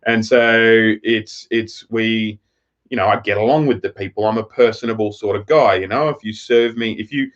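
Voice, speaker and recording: A man with an Australian accent chats casually on a live stream, telling a rambling, profane story. His lowish voice is steady and fairly bright in tone, at normal speed, captured in slightly dull lo-fi audio.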